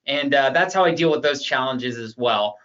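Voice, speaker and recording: A man's voice: medium pitch, animated, normal speed, a bit bright, muffled recording. A man hosting a conversational interview, asking open questions and sounding reassuring. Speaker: interview host, Medicare advisor.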